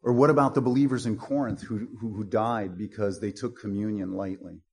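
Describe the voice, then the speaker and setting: A man preaching from the pulpit, his voice a little husky and sitting on the low side. He drives his points home bluntly and slips into mocking asides. He speaks at a plain sermon pace. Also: fairly even intonation, fairly quick, darkish tone. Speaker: pastor.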